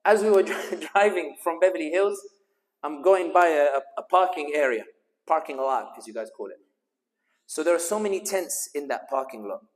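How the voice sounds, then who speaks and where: High-voiced British man giving a rousing speech. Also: animated, moderate pace, big-room sound. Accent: London English. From United Kingdom. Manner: rousing rhetorical questions, then humorous storytelling. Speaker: guest speaker. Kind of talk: speech at a community dinner.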